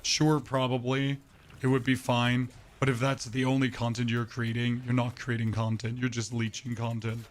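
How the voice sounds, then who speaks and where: A man's voice: mid-range voice, completely flat delivery, moderate pace, slight background noise. A man streaming a game and chatting with his viewers through a voice changer, opinionated and ranting, often tripping over his words. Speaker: gaming streamer. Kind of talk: casual livestream chat while gaming.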